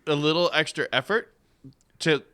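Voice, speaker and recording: A man's voice: a little high, normal speed, pushed and bright, smooth. A man co-hosting a casual podcast, laid-back and teasing, with a lot of "like" in his talk. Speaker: podcast co-host.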